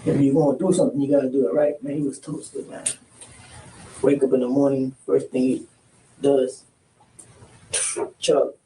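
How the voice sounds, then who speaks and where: A man's voice: medium pitch, flat delivery, moderate pace, long pauses, mellow. A man recounting past events under questioning, acting out the quoted exchanges in casual street slang. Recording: roomy, distant mic, faint hiss.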